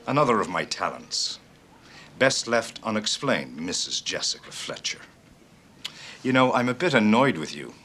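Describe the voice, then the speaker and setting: A man's voice: mid-range voice, sing-song, fast, hardly any pauses, a bit bright. An actor playing a suave, secretive male agent with a sly, teasing way of talking, in a television drama. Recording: noisy TV soundtrack.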